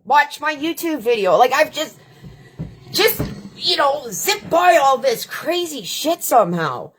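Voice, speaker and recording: A woman's voice: sits high, very animated, a bit bright. A middle-aged woman from Canada hosting a live stream, telling stories in a blunt, profane, casual way. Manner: blunt, profane, unhurried with frequent filler questions. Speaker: channel host. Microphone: webcam or phone on a live stream.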